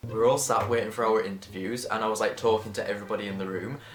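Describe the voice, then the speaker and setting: A young man from England telling a casual storytime story, chatty and animated, acting out the voices of the people in it. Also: fairly low pitch, racing. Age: young adult. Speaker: vlogger. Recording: echoey room, faint music behind.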